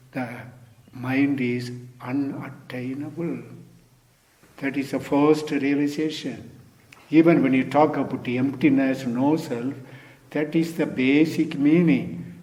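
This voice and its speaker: A man's voice: medium pitch, a little mellow. An older man from India, giving a Zen dharma talk as teacher, repeating key words and posing rhetorical questions to his listeners.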